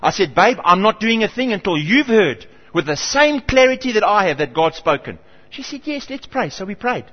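A middle-aged pastor preaches a sermon in a church hall, telling animated stories and acting out the voices of the people in them. His voice sits high at a moderate pace, and the recording has the dull reverb of the hall.

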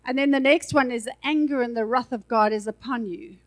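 A woman's voice: fairly high pitch, brisk, poor audio. A woman preaching a sermon in a chatty, conversational way with asides, speaking into a handheld mic in a church. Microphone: handheld microphone.

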